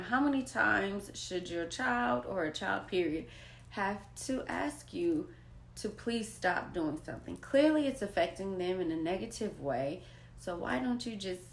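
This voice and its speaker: A woman talks straight to the camera in a personal vlog. She speaks as a mother, unhurried and deliberate, leaning on repeated phrases for weight. Her pitch sits in an ordinary middle range, and at times she sinks to a near whisper for emphasis. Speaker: mother sharing personal experience.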